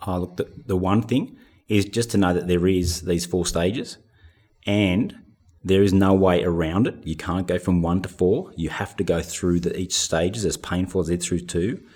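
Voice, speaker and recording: Guest spot: man, deep husky voice, pastor answering thoughtfully on a podcast, plays himself down. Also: fairly even intonation, moderate pace, a little mellow.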